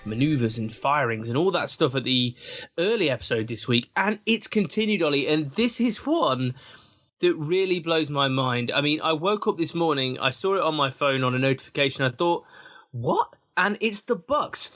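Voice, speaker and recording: Animated man co-hosting a sports podcast. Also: fairly high pitch, normal speed. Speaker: podcast co-host. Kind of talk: casual sports chat.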